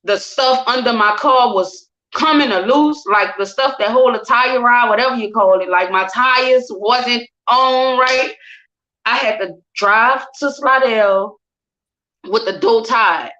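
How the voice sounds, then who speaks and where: Woman, emotional storytelling, quotes people in changing voices, bright tone, muffled lo-fi sound. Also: on the high side, slow. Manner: animated, acts out quotes in different voices. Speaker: guest sharing her story. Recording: dull lo-fi recording.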